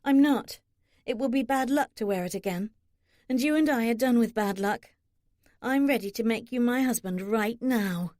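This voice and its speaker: A woman's voice: fairly high pitch, moderate pace, no room sound, clean studio sound, close to an everyday voice. A woman doing a spirited young bride. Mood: resolute. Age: young adult. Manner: bright, teasing.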